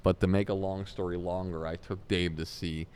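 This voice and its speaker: A man's voice: sits low, normal speed, slight background noise. A man, a comedy talent manager, telling long anecdotes in an interview and acting out what people said. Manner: animated anecdotes, acts out quotes. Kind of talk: storytelling in an interview.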